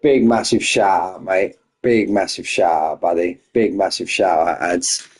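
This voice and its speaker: A man with a low, husky, slightly mellow voice hosts an online racing league stream, speaking a little slowly with fairly even intonation. He chats casually and greets viewers one at a time as mates.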